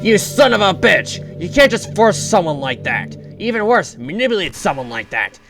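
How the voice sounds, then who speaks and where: A man's voice: fairly high pitch, very animated, moderate pace. A man doing a panicky but defiant cross-wielding guy. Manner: urgent, defiant. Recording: music playing underneath.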